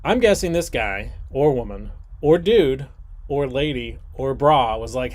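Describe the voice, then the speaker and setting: A man's voice: mid-range voice, a little slow. A man in his forties hosting an online trivia game, joking and rambling between questions. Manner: jokey, rambling asides, animated.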